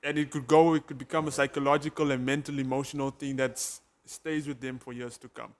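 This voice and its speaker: A man's voice: medium pitch, flat delivery, fast talker. A South African man co-hosting a podcast, rambling and joking in casual chat. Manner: jokey, rambling. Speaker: podcast co-host.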